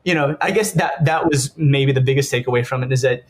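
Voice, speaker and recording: A man's voice: mid-range voice, a little fast. Rambling American man, casual interview. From Southern California. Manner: rambling, lots of fillers and laughs, acts out quoted people. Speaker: stuntman guest.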